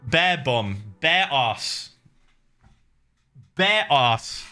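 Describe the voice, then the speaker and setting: A man hosting a livestream, telling a story in casual chat, animated and laughing, with swearing and many fillers. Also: medium pitch, extremely slow, clear, resonant tone, soft background music. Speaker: livestream host.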